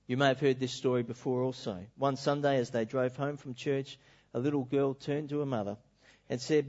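A male preacher delivering a sermon in an animated, emphatic storytelling manner. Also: medium pitch, moderate pace. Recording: dull lo-fi recording.

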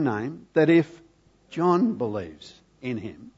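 A man's voice: medium pitch, unhurried, pauses often, darkish tone, slightly rough, dull audio. A man preaching a sermon, telling a story and leading the congregation to repeat lines with him. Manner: earnest, leads congregation in call-and-response.

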